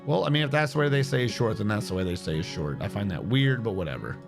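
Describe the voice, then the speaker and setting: Fairly low, gravelly and expressive, this man talks fast as he streams a building game, casually musing and answering chat. His commentary plays over background guitar music.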